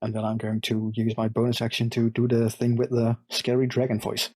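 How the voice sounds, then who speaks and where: Guy at a tabletop game, kinda husky, checking rules, dry close sound. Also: mid-range voice, completely flat delivery, a little fast, a little mellow, dry recording. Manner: matter-of-fact, rules-focused. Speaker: player. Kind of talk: casual tabletop play.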